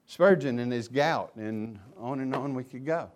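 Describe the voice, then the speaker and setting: A man preaching a sermon as pastor, impassioned and swinging between loud emphasis and hushed asides. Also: mid-range voice, unhurried.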